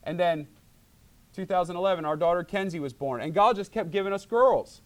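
Animated male pastor preaching. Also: high-pitched, a little fast. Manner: animated, acts out voices in quotes. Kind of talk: sermon.

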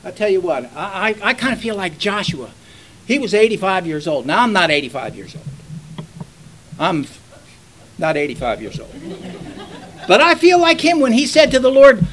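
A man's voice: high voice, very animated, moderate pace, long pauses, a bit bright, low-quality recording. An older man, a pastor preaching a sermon in a folksy storytelling manner that rises into fervent exhortation.

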